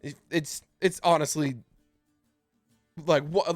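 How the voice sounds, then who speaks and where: A male dungeon master with a slightly high voice narrates the scene loosely, rambling and swearing as he goes. Faint music sits under his voice. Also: moderate pace. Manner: casual, profane, rambling. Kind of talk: improvised tabletop narration.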